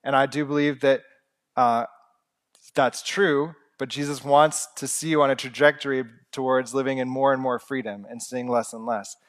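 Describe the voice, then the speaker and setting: A man's voice: mid-range voice, steady tone, normal speed. A young man preaching a sermon in an earnest, conversational way with humorous asides.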